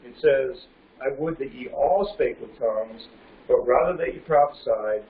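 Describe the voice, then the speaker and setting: Man, sermon-style Bible teaching, question-and-answer delivery, slow scripture reading, distant mic, dull lo-fi recording. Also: medium pitch. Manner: asks the audience questions and answers them himself; reads scripture slowly and deliberately. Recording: roomy, distant, dull lo-fi recording with faint ambience.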